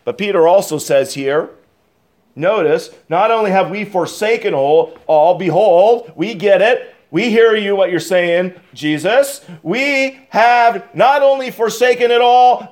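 A male pastor preaching a sermon, deliberate and emphatic, repeating key phrases. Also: high-pitched, lively intonation, a little mellow.

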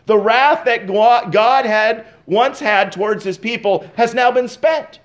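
A man preaching an expository sermon as pastor, reading scripture slowly and swinging between loud and soft. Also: extremely high pitch.

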